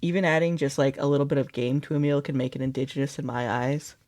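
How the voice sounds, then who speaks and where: A woman vlogging in a casual, chatty way, expressive and quick to laugh, sounding upset and close to tears. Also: rumbling low. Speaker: beadwork vlogger. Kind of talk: casual vlog chat.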